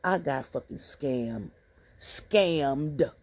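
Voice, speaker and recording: A woman telling a casual storytime anecdote in a profane, animated, slangy way. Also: sits low, very slow.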